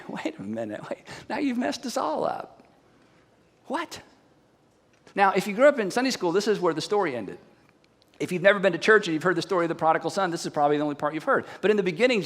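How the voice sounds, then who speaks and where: High-voiced preacher in a reverberant hall. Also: male voice. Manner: animated storytelling, asks the audience questions. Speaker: pastor. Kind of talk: sermon.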